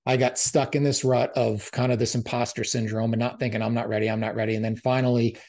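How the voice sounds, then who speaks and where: A man's voice: medium pitch, flat delivery, fast, a little mellow. A man hosting a podcast, chatting casually in an enthusiastic, grateful, conversational way. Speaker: podcast host.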